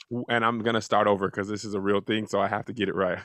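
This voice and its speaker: A man's voice: on the low side, fairly even intonation, fairly quick, hardly any pauses, no room sound. A man hosting a talk show in a loose, joking way, introducing a guest and asking questions. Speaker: host.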